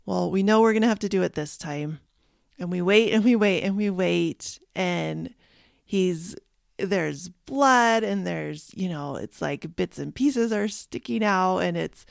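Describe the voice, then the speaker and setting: A woman in her thirties, a podcast host, candidly telling listeners a personal story, emotional and halting at times. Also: medium pitch, animated, gravelly, no room sound, studio quality.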